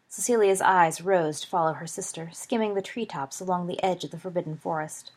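Woman, audiobook narrator, husky, low-pitched, steady, expressive. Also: fairly quick, hardly any pauses. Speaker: audiobook reader. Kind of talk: storybook narration.

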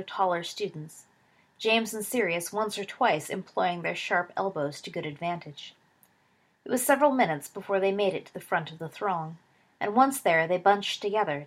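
A woman reading a story aloud as narrator, steady, dropping low and soft for dialogue tags. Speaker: reader.

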